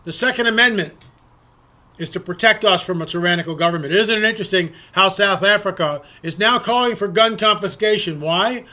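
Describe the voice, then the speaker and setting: A middle-aged man speaks in a high, bright, forward tone. He rants through a commentary monologue, stumbling into restarts and pressing rhetorical questions. He sounds worked up the whole way. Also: a little fast. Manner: impassioned, repetitive, ranting with frequent restarts. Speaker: political commentary host. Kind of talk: opinion monologue.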